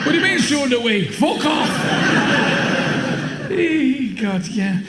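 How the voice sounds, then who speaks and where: An older man performing a blunt, swearing stand-up comedy routine with deadpan punchlines. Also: very high-pitched, takes it slowly, heavy background noise. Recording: live show in a long-reverb hall.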